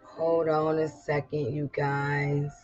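A man with a Southern country accent hosts a livestream, greeting viewers in an easy, folksy way. He talks slowly in a somewhat high voice. The sound is dull and lo-fi, with faint music underneath. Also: completely flat delivery, a little mellow. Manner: folksy, chatty, drawn-out greetings. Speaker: livestream host. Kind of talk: casual chat to online viewers.

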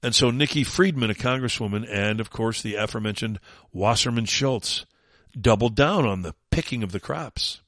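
A man's voice: fairly low pitch, normal speed, fairly bright tone, no room sound, clean studio sound. A man hosting a talk radio show, delivering a sarcastic, combative opinion monologue.

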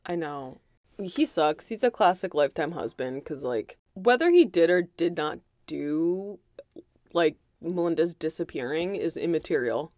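A woman co-hosting a casual movie recap podcast, blunt and opinionated, retelling scenes in an animated way and acting out the characters' lines. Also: low voice, measured pace, dry recording, clean studio sound. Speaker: podcast co-host.

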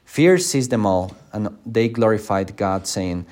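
A male pastor teaching a Sunday school class, animated and acting out quoted lines. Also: on the low side, measured pace. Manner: frequent fillers and restarts.

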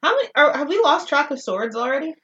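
A woman's voice: sits high, sing-song, fast, pushed and bright, lo-fi sound. A woman co-hosting a casual podcast, chiming in with sarcastic quips. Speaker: podcast co-host. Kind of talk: casual chat.

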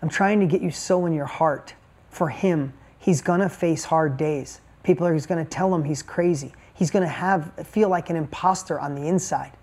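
A man's voice: on the high side, moderate pace, a little mellow. A middle-aged man giving a motivational talk, telling a story and repeating key points with emphasis. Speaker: motivational speaker.

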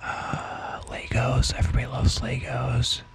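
Gravelly man whispering an ASMR segment. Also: medium pitch, completely flat delivery, unhurried, poor audio. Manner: rambling, self-mocking. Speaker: podcast co-host.

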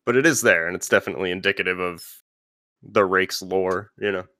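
A man's voice: deep voice, fairly quick, pushed and bright, no echo, studio quality. A man hosting a podcast in casual, rambling chat full of fillers. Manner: rambling, filler-heavy and conversational. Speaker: podcast host.

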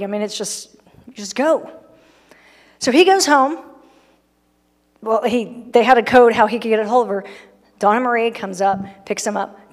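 A woman's voice: medium pitch, big-room sound. A middle-aged woman preaching a sermon in a church, talking in a conversational, humorous way and acting out the people in her stories. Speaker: pastor. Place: church sanctuary.

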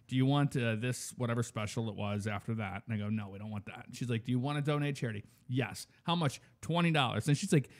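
A man telling a story in loose, casual chat. He acts out the lines of the people he met as he goes. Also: medium pitch. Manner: animated storytelling, acts out voices.

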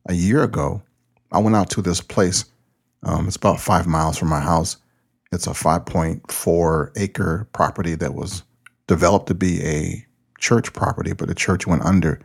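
A man's voice: deep voice, gravelly, breathy edge. A man who hosts a podcast and pastors a church, talking in a loose, plain-spoken, conversational way. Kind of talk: casual podcast talk.

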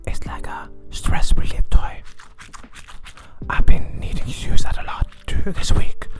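Outdoors among singing birds, a male podcast host clowns his way through a whispered, playful role-play, giggling and poking fun at himself. His pace is slightly slow, music plays underneath, and the mic sits close to his lips.

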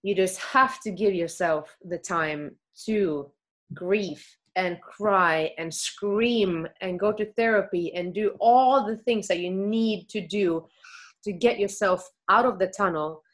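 A woman's voice: medium pitch, slow pace. A woman in a candid conversation, searching for words at first, then speaking earnestly and reassuringly. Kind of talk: candid conversation about grief.

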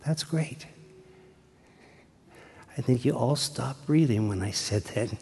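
An older man, a retired priest, preaching a sermon in a church, telling the story slowly and dropping to a hushed whisper at times. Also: mid-range voice, creaky. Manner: slow, deliberate storytelling with dramatic hushed whispers. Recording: long church reverb.

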